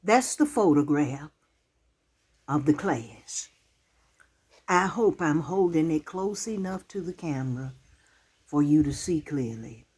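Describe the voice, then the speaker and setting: A woman, talking to her channel's viewers to camera in a heartfelt, halting, emotional way. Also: low-pitched, lively intonation, a little mellow, slightly rough. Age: 60s. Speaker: channel host. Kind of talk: casual talk to camera.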